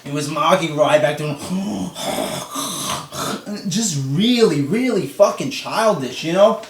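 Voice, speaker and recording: A young man delivers a profane, exasperated rant reviewing a wrestling show. His voice sits a little high. He is set back from the mic, and the room adds a noticeable echo. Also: lively intonation, slow, slight background noise. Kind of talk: casual vlog review. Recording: roomy echo, distant from mic.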